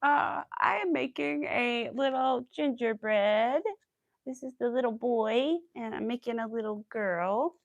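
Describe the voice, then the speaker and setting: A young woman with a light Southern accent chats away while she crochets on a livestream. She rambles from one thing to the next and laughs a lot. Her voice has a gravelly fry, and the sound is close and dry. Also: on the high side, a little slow, no echo, muffled recording. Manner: chatty, rambling, laughs often, talks to her dog.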